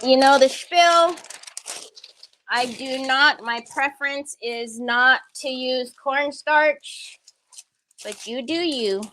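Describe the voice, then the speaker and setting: A woman chatting her way through a crafting livestream, with a voice that sits a bit high. She takes her time, unhurried between phrases, and is excitable and playful, talking to herself as she works. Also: a little hiss or hum. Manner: chatty and excitable, thinks aloud. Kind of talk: casual crafting livestream chat.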